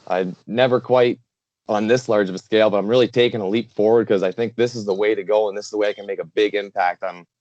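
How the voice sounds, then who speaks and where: A man's voice: lowish voice, fairly even intonation, fast talker, a little mellow, no echo. Earnest rambling man from Canada. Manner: earnest, rambling, many fillers and restarts. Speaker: guest, charity founder. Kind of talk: casual interview talk. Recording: dull lo-fi dry sound.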